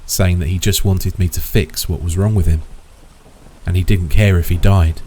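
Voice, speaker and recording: A man reading a first-person horror story in a measured, composed way. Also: deep voice, fairly even intonation, mellow, slight background noise, low-quality recording. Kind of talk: scripted first-person narration.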